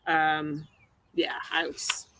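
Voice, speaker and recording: A woman's voice: low-pitched, little pitch movement, drawn-out words, bright, forceful tone, no echo, poor audio. Chatty, rambling woman poet. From Missouri. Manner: rambling, chatty, laughs often. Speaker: poet hosting a live stream. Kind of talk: casual live-stream chat with poetry reading.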